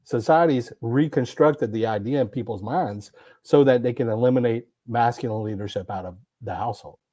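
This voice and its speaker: A man with a warm, medium-pitched voice speaks at a moderate pace with no room sound, appearing as a guest in a casual podcast conversation. He's emphatic and preachy about masculinity, driving his points home by repeating words.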